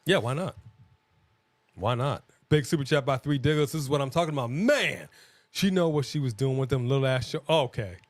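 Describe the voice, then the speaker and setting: A man's voice: mid-range voice, animated, brisk, no room sound. A man co-hosting a live wrestling watch-along stream, chatting casually, joking and laughing often.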